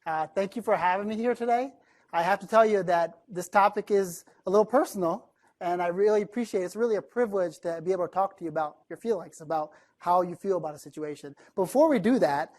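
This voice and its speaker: A man from the East Coast of the United States giving a conversational keynote talk to a room of listeners, chatty and lively, often asking the audience questions. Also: high voice, fast talker. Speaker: keynote speaker.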